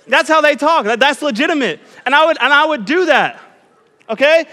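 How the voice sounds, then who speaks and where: A man's voice: extremely high pitch, lively intonation, fairly quick, sharp tone, in a large hall. A young man preaching as a youth pastor, chatty and self-deprecating, telling stories. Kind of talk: sermon.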